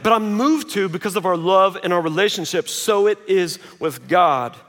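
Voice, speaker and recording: Male pastor, high-pitched, casual and joking from the pulpit, recorded in a big reverberant auditorium. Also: moderate pace. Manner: conversational, self-mocking, animated quoting. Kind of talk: sermon. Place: large auditorium. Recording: long reverb of a large hall.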